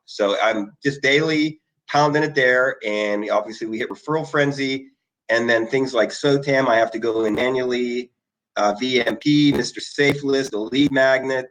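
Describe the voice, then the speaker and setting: A man's voice: fairly low pitch, fairly bright tone, low-quality recording. A middle-aged man hosting an online marketing video, talking casually and rambling through emotional asides and eager plugs. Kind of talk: casual screen-share talk to viewers. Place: indoor conference room.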